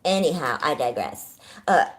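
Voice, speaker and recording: Sitting low in pitch with lively intonation and a moderate pace, a middle-aged California woman hosts a relaxed livestream from home. She laughs often, stays chatty and bubbly, and calls out viewers by name.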